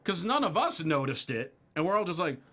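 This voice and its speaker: A man co-hosting a wrestling after-show, recapping the episode in a lively, laughing chat. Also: a little high, a little fast. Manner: animated, laughs often while recapping. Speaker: co-host.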